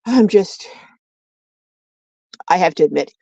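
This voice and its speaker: A woman's voice: on the low side, expressive, takes it slowly, gravelly, mellow, no echo. A woman hosting a casual livestream chat, greeting viewers by name and reading their comments aloud. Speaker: livestream host. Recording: dull lo-fi dry sound.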